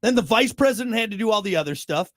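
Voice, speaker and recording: A man's voice: high voice, animated, fast, no echo, studio quality. A man hosting a morning radio show, rambling and joking in casual banter with a co-host. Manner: rambling, joking, self-mocking.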